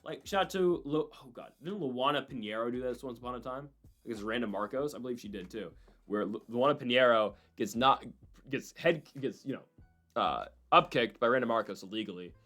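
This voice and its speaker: A man casually breaking down MMA fights and predictions, rambling and excitable with frequent asides. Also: medium pitch, a little fast, soft background music.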